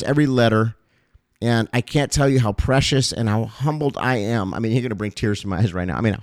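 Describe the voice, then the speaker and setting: An earnest male pastor speaks directly to his supporters in a mid-pitched voice. His talk is heartfelt and emotional, full of fillers and repeated phrases. The recording is dry and close, with no room echo. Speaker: pastor and ministry broadcaster. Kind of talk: heartfelt address to ministry supporters.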